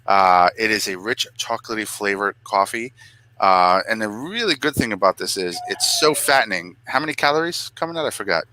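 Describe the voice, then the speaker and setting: Bright-toned man riffing on an ad. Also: a little fast, low-quality recording. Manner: jokey, mock-emotional, voice jumping high when clowning. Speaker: podcast co-host reading a sponsor ad. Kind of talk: casual ad-lib sponsor read.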